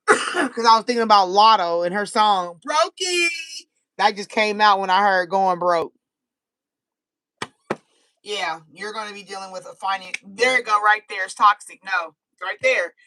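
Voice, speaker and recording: An American woman doing a casual live-stream tarot reading, animated and chatty, laughing easily. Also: mid-range voice, normal speed, dry recording, poor audio. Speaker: tarot reader.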